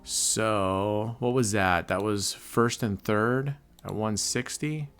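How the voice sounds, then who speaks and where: Swearing, excitable man at roulette. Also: fairly low pitch, slow, smooth. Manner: excitable, swears, grumbles at the dealer. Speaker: channel host. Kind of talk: live casino gameplay commentary.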